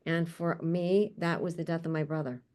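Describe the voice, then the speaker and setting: A woman with a deep, darkish voice and fairly even intonation hosts an online panel over video call at a moderate pace. Introducing each speaker casually as conference host, she stays upbeat and chatty and laughs frequently.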